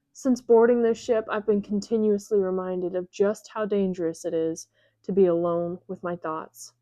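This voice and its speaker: Woman narrator, audiobook reading, measured, dry close mic. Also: medium pitch, warm tone, no room sound. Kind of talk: scripted narration.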